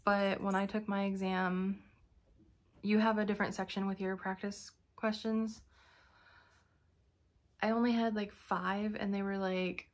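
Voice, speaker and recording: A woman's voice: mid-range voice, level tone, a little slow, long pauses. A young woman giving a casual vlog update, telling a story in a chatty, exasperated way with sighs and fillers. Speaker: vlogger.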